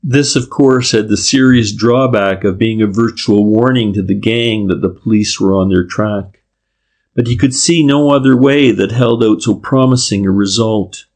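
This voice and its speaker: A male audiobook narrator reads a classic detective novel as scripted narration, his voice on the low side and his delivery steady and measured.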